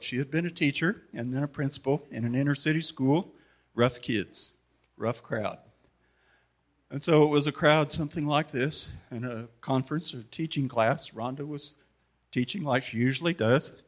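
Man telling memorial anecdotes. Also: mid-range voice. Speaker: community member giving a tribute. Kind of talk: memorial tribute speech.

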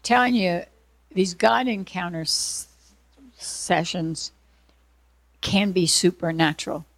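A woman from Georgia, teaching a class from a manual as a prayer ministry teacher and telling lively stories. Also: on the low side, takes it slowly, dry recording. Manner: animated storyteller, acts out voices in anecdotes.

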